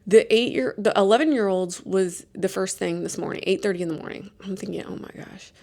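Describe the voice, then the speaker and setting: Late-thirties woman rambling through a funny story on her podcast, lots of gravelly fry. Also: medium pitch, fairly quick. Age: late 30s. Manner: chatty, animated, self-deprecating. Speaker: podcast host. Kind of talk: casual storytelling chat.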